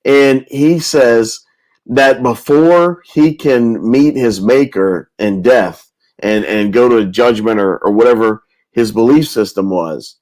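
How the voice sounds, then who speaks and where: A man of middle pitch hosts a round table discussion. He retells a long story casually and loosely, often stumbling into restarts and repeating words as he goes. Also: takes it slowly, darkish tone, low-quality recording. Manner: rambling, with many restarts and repetitions.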